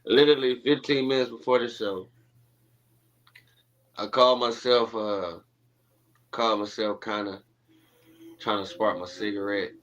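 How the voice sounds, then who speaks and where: A man telling stories in casual podcast chat, animated and laughing, acting out what he and others said. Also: lowish voice, unhurried, long pauses, lo-fi sound. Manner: animated, laughing storyteller, acts out his own quotes. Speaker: guest.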